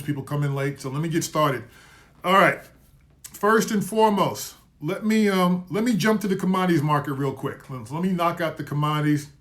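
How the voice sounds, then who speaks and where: Chatty man calling trades on a livestream. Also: a little high. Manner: casual, self-correcting, trips over words; recaps trades with repeated levels and calls. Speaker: market commentary host. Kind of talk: live-streamed market commentary.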